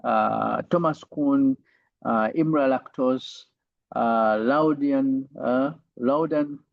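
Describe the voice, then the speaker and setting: A man's voice: mid-range voice, drawn-out words, gravelly, dry recording. Man lecturing over lo-fi call audio. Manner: repeats "right?" as a tag, many fillers. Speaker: university lecturer. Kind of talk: online lecture.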